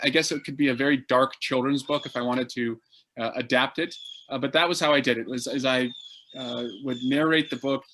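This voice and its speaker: A man's voice: medium pitch, fairly bright tone, low-quality recording. Politician man on video call, loose talk, lots of uhs. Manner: conversational, many "uh" fillers. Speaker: congressman answering audience questions. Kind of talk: casual Q&A answers.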